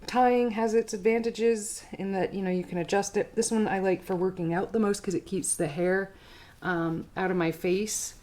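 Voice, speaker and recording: A woman's voice: medium pitch, a little mellow. A woman art teacher giving a casual live-stream craft tutorial, chatty and rambling with frequent filler words.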